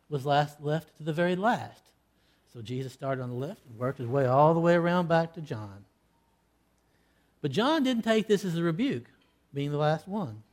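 A male preacher with a slightly raised pitch delivers an impassioned sermon. He climbs to loud, emphatic peaks, then drops to hushed, low endings, and voices quoted scripture in old-fashioned wording.

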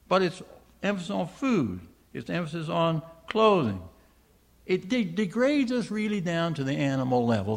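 A man's voice: on the high side, creaky. An older man preaching a sermon, reading scripture aloud and asking his listeners questions he then answers himself. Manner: emphatic, asks the congregation rhetorical questions.

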